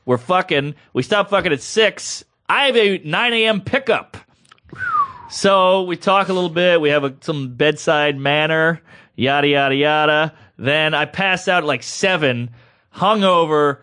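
A man in his thirties co-hosting a podcast, telling a story casually and acting out the quoted voices with big jumps in pitch. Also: a little slow, pushed and bright.

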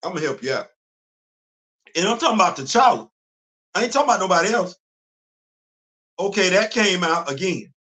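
A man in his fifties talks casually on his own livestream. His voice sits a little high and has a bright, forceful ring. He preaches his points, repeating lines for emphasis and laughing between them. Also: very animated, brisk, long pauses. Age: 50s. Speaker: livestream host. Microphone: computer mic on a streaming setup.

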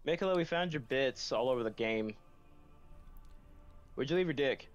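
A man playing a co-op game at home with friends, excitable, swearing and yelling at the screen. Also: mid-range voice, normal speed, muffled recording. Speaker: gamer. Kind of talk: casual co-op gaming chat. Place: room at home.

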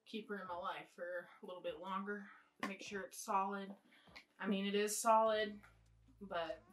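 A woman's voice: medium pitch, steady tone, moderate pace, poor audio. A young adult woman chatting casually while doing her makeup, rambling and blunt with plenty of swearing. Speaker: beauty vlogger. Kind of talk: casual get-ready-with-me chat.

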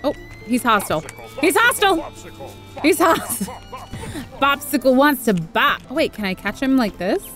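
A woman's voice: high voice, big pitch swings, normal speed, fairly bright tone, soft background music. A woman hosting a let's play, giving casual, playful and jokey gameplay commentary. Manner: playful, jokey, laughs and repeats words.

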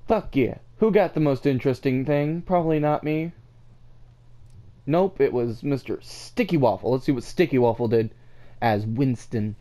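A tired man giving profane, excitable gameplay commentary on his own desk mic, trash-talking as he plays, his voice cracking when he gets worked up. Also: medium pitch, normal speed. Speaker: gaming channel host.

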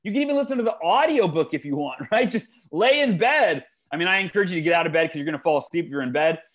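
A man, a guest author in a podcast interview, telling stories in an animated way with big swings in his voice. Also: fairly high pitch, fast. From United States.

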